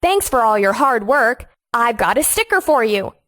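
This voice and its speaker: Annie, a sunny farm guide. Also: female voice, on the high side, very animated, a bit bright, no echo, clean studio sound. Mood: sunny, encouraging. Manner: slow, sing-song, encouraging. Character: cheerful young woman farmer guiding kids. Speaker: game guide character. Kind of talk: scripted children's game voice-over.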